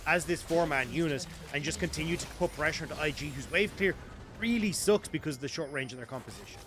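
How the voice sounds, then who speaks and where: A man's voice: on the high side, fast, background noise. A young Irish man giving chatty, analytical esports commentary and laughing easily.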